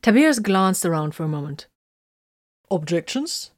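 A woman narrating an audiobook in a steady storytelling manner. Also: lowish voice, moderate pace, dry recording, studio quality.

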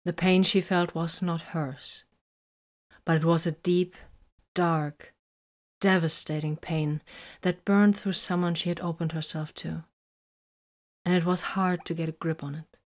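A woman narrating a story in an even, measured reading. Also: lowish voice. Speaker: audiobook narrator. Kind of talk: scripted narration.

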